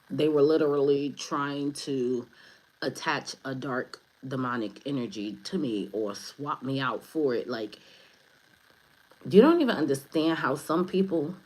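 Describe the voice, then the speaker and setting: A woman with a low-pitched voice gives a casual spiritual reading to her audience. She rambles from thought to thought, swearing offhandedly and laughing at her own humor. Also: darkish tone, rough recording. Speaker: spiritual advisor, tarot reader.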